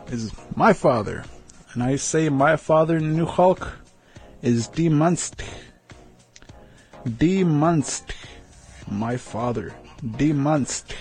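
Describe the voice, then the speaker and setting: Man, language teacher, gravelly unhurried delivery, repeats each word, faint music behind. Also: medium pitch, darkish tone. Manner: repeats each word slowly, jokes lightly. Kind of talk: casual vocabulary lesson.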